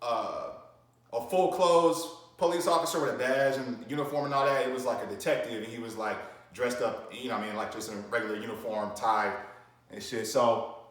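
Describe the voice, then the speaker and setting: Rambling, slangy man, mid-pitched, telling his story in a very echoey room. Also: a little fast, a bit bright, far from the mic. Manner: slangy, rambling, full of fillers and restarts. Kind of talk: casual storytelling.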